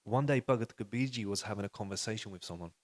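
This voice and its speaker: A man giving an animated storytelling talk to a live audience, acting out quoted dialogue and putting questions to the listeners. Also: lowish voice, quick pace. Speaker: speaker at a religious youth session.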